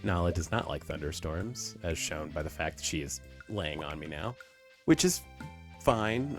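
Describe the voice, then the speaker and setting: A man casually commenting as he streams a farming game, chatty with lots of fillers, often dropping into soft baby talk to his dog. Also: very deep voice, expressive, measured pace, creaky, faint music behind.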